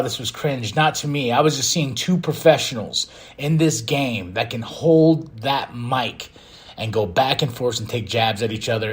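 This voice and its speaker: A man hosting a podcast, recapping wrestling in a casual, excitable way and acting out quotes in loud bursts. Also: medium pitch. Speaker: podcast host.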